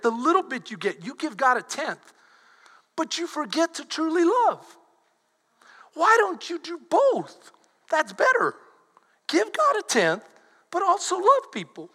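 Man, pastor, sermon, very high and bright voice, long hall reverb. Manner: animated, switches to shouting when quoting.

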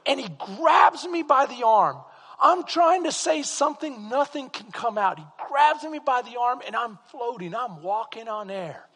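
A male pastor with a high, bright voice, preaching in a church hall with a long reverb. He tells stories softly, then builds to loud, excited calls to the crowd. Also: breathy edge. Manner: swings from hushed storytelling to loud excited preaching. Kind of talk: sermon with personal stories.

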